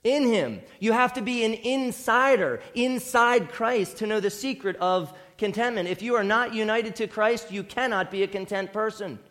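A male pastor preaching a sermon, swinging between loud emphatic repetition and hushed, quieter asides. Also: high voice, normal speed, few pauses.

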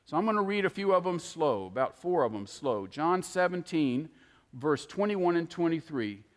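Male preacher, earnest and emphatic, slightly high voice, long reverb of a hall. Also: lively intonation, moderate pace. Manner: earnest, emphatic teaching with scripture quotes. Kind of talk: sermon.

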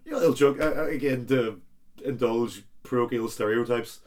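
Rambling, excitable male joke-teller. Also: medium pitch, normal speed. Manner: rambling storyteller who breaks into loud bursts. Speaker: podcast co-host. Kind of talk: comic conversational chat.

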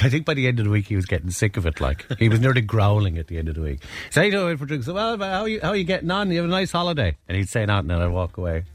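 An Irish man spinning a long, rambling holiday yarn in easy conversation. His voice rises and falls a lot, and he keeps cutting himself off mid-sentence and chuckling at his own story. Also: on the low side. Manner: rambling, self-interrupting, laughs at his own stories. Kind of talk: casual storytelling chat.

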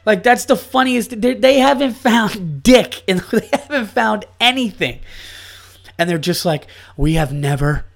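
A man's voice: very high-pitched, measured pace, gravelly. A man hosting his own podcast as a comedian, ranting in a casual, incredulous way and swearing often.

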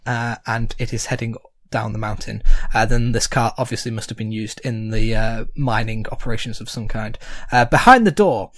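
A man's voice: fairly low pitch, moderate pace, few pauses, a bit bright, no room sound. A man narrating a tabletop game as game master, chatty and full of hesitant fillers.

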